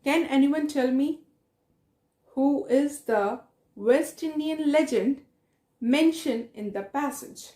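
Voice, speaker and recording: A woman's voice: sits high, takes it slowly, dark tone, roomy sound. A woman teaching a reading lesson in English with a South Asian accent, repeating her questions and praising answers.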